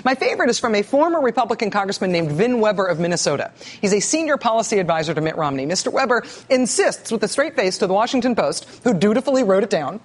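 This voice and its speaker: A woman hosting a cable news show, delivering sardonic, mocking commentary with quick asides and stammered restarts. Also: mid-range voice, expressive.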